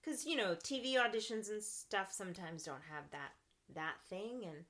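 A young woman in a relaxed podcast conversation, her voice bright and forward. She is animated and laughs often, slipping into little acted-out versions of her own thoughts. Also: mid-range voice, normal speed. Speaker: podcast guest, actress and clown. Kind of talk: casual conversational interview.

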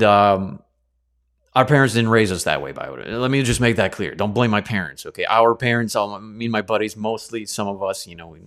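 A man's voice: low voice, fairly bright tone. A man teaching a Bible study, telling a story in a casual, rambling way with chatty asides and self-corrections.

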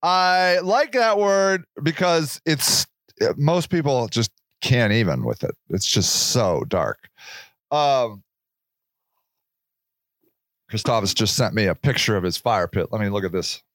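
A man's voice: mid-range voice, lively intonation, slow, a bit bright, no echo, studio quality. A man in his forties hosting a solo podcast, rambling and joking in casual talk and swearing freely. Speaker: podcast host.

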